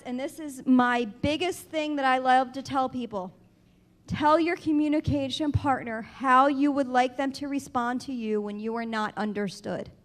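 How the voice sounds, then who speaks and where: Woman, speech-language pathologist, conference talk, clear and explanatory, fairly high voice. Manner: clear, explanatory, emphasizes key advice. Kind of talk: conference presentation.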